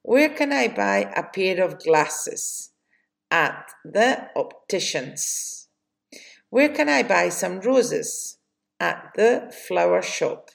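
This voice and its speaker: A woman with a Spanish accent teaching English vocabulary, slowly reading questions and answers in drills. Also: medium pitch, very animated, vocal fry. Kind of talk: slow vocabulary lesson.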